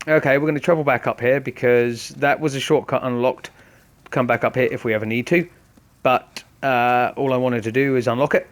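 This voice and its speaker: A man's voice: mid-range voice, fairly even intonation, a little fast. A man commenting casually on a game, explaining each step to viewers in a chatty way. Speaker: gaming host. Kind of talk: casual let's-play commentary.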